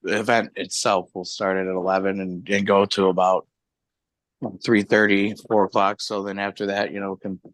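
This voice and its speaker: A man's voice: low-pitched, little pitch movement, moderate pace, a bit bright, dry recording. A man, a guest who owns a hobby shop, chatting casually on a live stream and telling rambling stories with frequent laughs.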